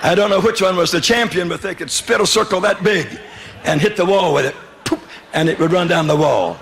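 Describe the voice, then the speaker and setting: A man's voice: high-pitched, a little fast, gravelly, fairly bright tone, a little hiss or hum. A man from the South, preaching his testimony in a folksy, humorous way and acting out dialogue. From Southern United States. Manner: folksy, humorous, wry storytelling with quoted dialogue. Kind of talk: sermon testimony storytelling.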